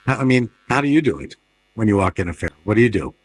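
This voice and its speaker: A middle-aged man interviewing on a casual panel, asking quick questions and dropping wry, dry asides. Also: fairly low pitch, very animated.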